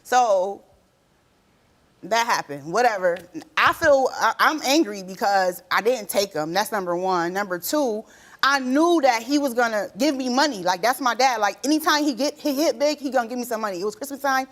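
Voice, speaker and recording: A woman in her thirties, a talk show guest telling her side of a family dispute in animated, colloquial speech. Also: a little high, normal speed. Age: 30s. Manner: animated, acts out quoted voices; colloquial, repeats herself. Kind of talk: emotional testimony.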